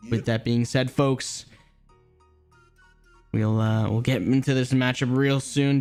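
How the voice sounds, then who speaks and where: A man's voice: mid-range voice, a little mellow. A man casually commentating a mobile esports tournament, chatty and rambling, often restarting his sentences. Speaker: esports caster.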